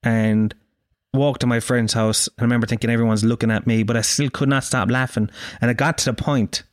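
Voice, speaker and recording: An Irish man in his thirties telling a profane, animated anecdote in casual chat, acting out the quotes. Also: mid-range voice, fairly quick, no room sound, clean studio sound. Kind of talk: casual storytelling.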